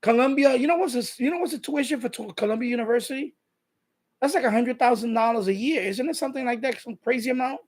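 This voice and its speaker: A man's voice: extremely high pitch, fast, darkish tone. A man, hosting a live stream, ranting bluntly and combatively with lots of swearing. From New York. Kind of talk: casual ranting monologue.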